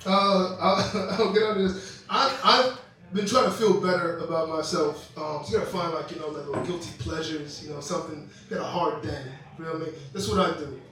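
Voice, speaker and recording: A young man doing stand-up, his voice high and bright as he spins animated stories and slips into quoted voices. He is heard in a very echoey room from a little way off the mic. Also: fairly quick, far from the mic. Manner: animated storytelling with quoted voices and laughing asides. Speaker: stand-up comedian. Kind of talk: stand-up comedy set. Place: comedy club stage with live audience.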